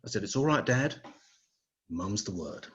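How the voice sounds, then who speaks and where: A man's voice: lowish voice, sing-song, moderate pace, fairly bright tone, breathy edge. A Scottish man doing crude, swearing one-liner stand-up comedy over a video call. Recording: dull lo-fi video call audio.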